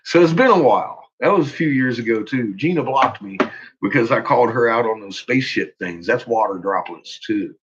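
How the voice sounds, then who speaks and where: A man's voice: medium pitch, lively intonation, brisk. A man ranting on a live stream in casual, profane talk, laughing often and calling out to his viewers by name. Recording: muffled lo-fi recording.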